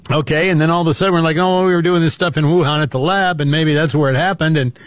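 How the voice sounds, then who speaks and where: A male host keeps a joking, wry tone as he leads the talk. His voice is a little high, and the sound is dry with no room echo. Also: steady tone, fast talker. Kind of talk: casual political talk show.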